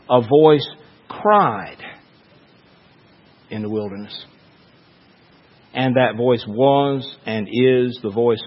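A man preaching a sermon as a pastor, slow and measured, with dramatic pauses. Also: mid-range voice, big-room sound, highs cut off.

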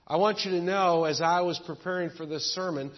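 Male pastor, joking folksy preacher, high voice, recorded dull and echoey in a church hall. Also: fairly quick. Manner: folksy storytelling with jokes. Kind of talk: sermon.

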